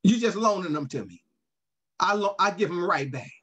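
High-voiced man preaching a sermon. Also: animated, moderate pace, fairly bright tone, breathy edge. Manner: repetitive, emphatic storytelling preaching with casual dialect. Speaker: pastor.

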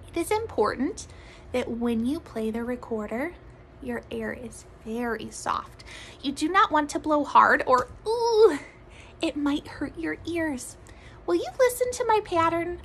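A woman music teacher leading a children's recorder lesson, speaking gently in a sing-song way and sometimes dropping to soft whispers. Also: high voice, very animated, a little slow, vocal fry, a little hiss or hum, low-quality recording. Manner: drops to soft whispers to demonstrate.

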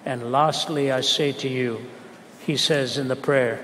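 A man's voice: mid-range voice, fairly even intonation, measured pace, a bit bright, slight background noise. A man delivering a sermon to an audience, telling a story and then building to emphatic questions. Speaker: preacher. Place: large auditorium with audience. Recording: hall reverb, faint ambience.

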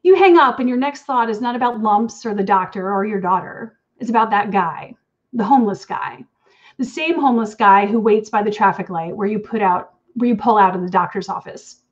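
A woman's voice: medium pitch, fairly quick, dull audio. A woman author reading her own story aloud in an intimate, wry second-person voice. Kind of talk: reading fiction aloud at an online event.

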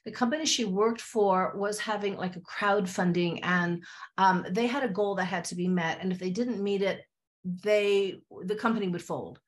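A woman's voice: mid-range voice, moderate pace. A woman therapist, a podcast guest, telling stories from her practice and acting out the voices of her clients and herself. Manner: animated, acts out client dialogue. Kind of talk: storytelling in a podcast interview.

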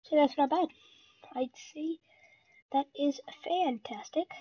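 A gaming channel host giving live commentary on their own match, excitable and talking to themselves while playing. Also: high voice, takes it slowly, no room sound, lo-fi sound.

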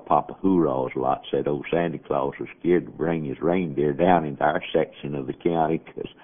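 A man voicing a sincere poor country boy with a Southern accent, talking in a halting folksy drawl on an old radio recording. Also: extremely low pitch. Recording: tinny, band-limited old radio archive.

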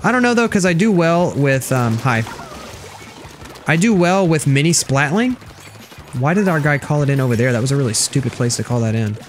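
A man's voice: fairly high pitch, sing-song, a little fast, faint music behind. A young man streaming a video game, chatting casually and sarcastically with viewers as he plays. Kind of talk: casual gameplay commentary reading chat.

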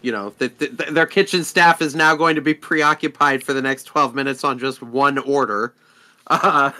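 A man's voice: mid-range voice, steady tone, normal speed, sharp tone. A man narrating a tabletop game as dungeon master, hesitant, with many fillers and restarts.

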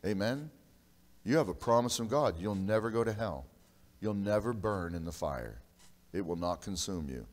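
Low-voiced preacher in a reverberant church. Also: male voice, lively intonation, moderate pace. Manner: emphatic preaching, swinging between loud and hushed; calls out to the congregation for an amen. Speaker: pastor. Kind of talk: sermon. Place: church sanctuary. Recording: long reverb of a church hall.

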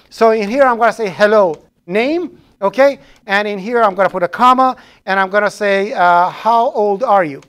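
A man's voice: high-pitched, a bit bright. A man teaching a programming class live in a classroom, chatty, often restarting phrases and throwing in joking asides. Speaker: programming instructor.

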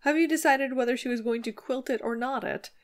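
A woman reading the part of a brisk, patronizing male county attorney. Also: high voice, voice pushed up, close to an everyday voice. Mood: condescending.

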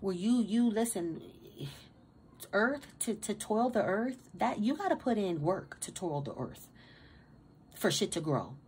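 A woman gives a tarot reading straight to her viewers in a mid-pitched voice. She talks with loud, streetwise emphasis, swearing freely and stumbling over repeated words. It comes across as a preachy pep talk, with a faint hiss under the voice. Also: very animated, measured pace. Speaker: tarot reader. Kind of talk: casual tarot reading to camera.

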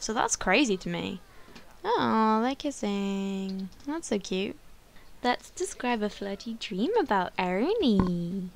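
A woman hosting a life-sim let's play, chatting excitedly, often gasping and squealing. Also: medium pitch, a little hiss or hum. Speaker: gaming channel host.

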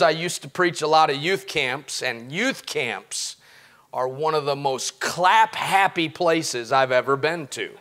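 A middle-aged male pastor preaching a sermon, swinging from quiet talk to impassioned shouts. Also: fairly high pitch.

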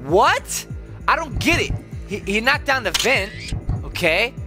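A middle-aged man hosts a horror-game let's play, excitable and joking in slangy banter. His pitch swings widely and he breaks into sudden shouts. Game music plays clearly behind him. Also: takes it slowly. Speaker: gaming channel host.

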